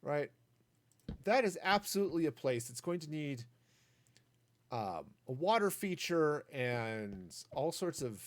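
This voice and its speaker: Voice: medium pitch, very animated, measured pace. Playful rambling gaming streamer in their 40s. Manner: rambling and playful, making puns and asides. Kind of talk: casual live-stream chat while playing.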